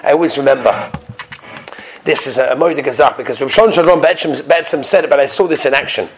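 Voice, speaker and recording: A man giving a storytelling sermon, animated, who drops to quiet whispers for emphasis and asks his listeners rhetorical questions. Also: on the high side, fast. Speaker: rabbi giving a weekly Torah talk.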